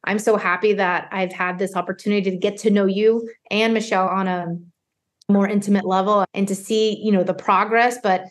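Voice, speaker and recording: A woman's voice: mid-range voice, steady tone, fairly quick. A woman hosting a podcast interview over a remote call, effusive and encouraging as she praises a guest's progress. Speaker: podcast host and hair-loss coach. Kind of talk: warm podcast interview chat.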